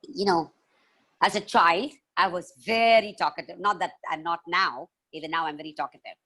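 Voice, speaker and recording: A storyteller and children's author holds a live video-call session for schoolchildren, speaking at normal speed in a lowish voice. Playful and animated, she punctuates her engaging tales with chants, animal noises, and laughter.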